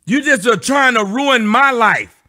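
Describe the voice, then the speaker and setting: A man's voice: very high voice, lively intonation, unhurried, pushed and bright. A man doing a profane comic rant, breaking into mocking sing-song. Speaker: comedian. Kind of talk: comic rant with sung bits.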